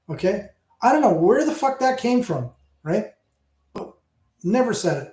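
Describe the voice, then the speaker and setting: A tipsy man in his fifties from Hamilton, Ontario, hosts a loose livestream chat with viewers, rambling, swearing and chatting in a Canadian accent. His fairly high voice is warm and mellow, sing-song and unhurried, in an echoey room.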